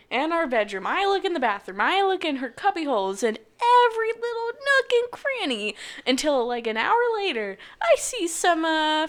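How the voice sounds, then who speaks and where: A woman's voice: very high voice, a bit bright. A woman in her twenties hosting a podcast, telling stories in casual chat and giggling often. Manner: chatty storyteller, giggly. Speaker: podcast host.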